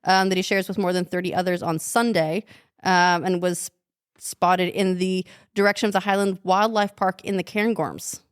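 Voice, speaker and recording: A woman's voice: on the low side, fairly even intonation, moderate pace, smooth. A woman co-hosting a casual chat show, chatty and giggly, with hesitant fillers. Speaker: podcast co-host.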